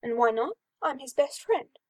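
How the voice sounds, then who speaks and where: A woman voicing a brash, joking male warrior who talks loud and indignant in a read-aloud story. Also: high-pitched, lively intonation, moderate pace, no echo, clean studio sound, distant mic.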